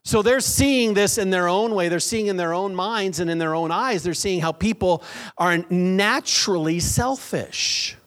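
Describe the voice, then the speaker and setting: A middle-aged man preaching a lively sermon in a church, drawing call-and-response from the congregation. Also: sits high, a little slow. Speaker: pastor.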